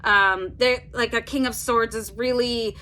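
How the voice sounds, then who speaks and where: A woman's voice: fairly high pitch, fairly even intonation, a little slow, pushed and bright, a little hiss or hum. A woman reading tarot cards to camera in a casual, chatty way, peppering her talk with "like" and checking in with "okay?". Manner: chatty, fills with "like", tags "okay?" on sentences. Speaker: tarot reader.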